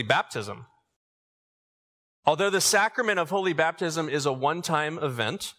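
A man's voice: fairly high pitch, fairly bright tone. A man preaching an earnest sermon to his congregation, building to emphatic calls. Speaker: pastor. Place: church sanctuary. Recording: long reverb of a large church.

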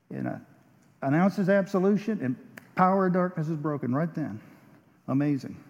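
High-voiced man preaching in a hall. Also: expressive, normal speed. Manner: storytelling, swings between hushed and emphatic. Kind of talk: sermon. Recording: muffled sound with long hall reverb.

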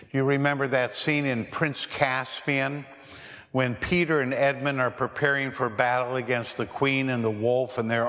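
A man's voice: mid-range voice, a bit bright, big-room sound. Storytelling man preaching in a church. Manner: storytelling preacher with rhetorical questions. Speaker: pastor. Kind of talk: sermon.

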